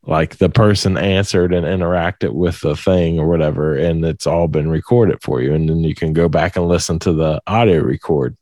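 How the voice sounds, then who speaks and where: A man telling a story in casual chat, animated and profane, often laughing. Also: deep voice, moderate pace, few pauses, no echo, clean studio sound. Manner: animated, profane, laughs through his stories.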